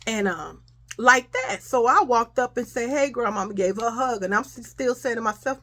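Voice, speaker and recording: A middle-aged woman speaks with a fairly high voice. She tells a personal story in a loose, chatty way, calling out to her listeners as y'all. Along the way she acts out the quotes of the people in the story. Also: lively intonation, moderate pace, pushed and bright. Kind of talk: casual storytime.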